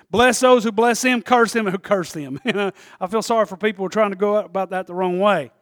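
A man preaching a sermon, joking and laughing at himself, then building up to shouted climaxes. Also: high voice, brisk, no echo, studio quality. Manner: jokey, self-deprecating, builds to shouting. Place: church.

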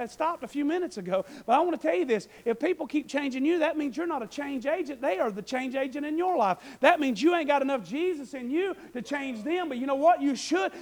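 A man preaching a sermon, swinging between loud shouted passages and quiet folksy asides. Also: very high-pitched.

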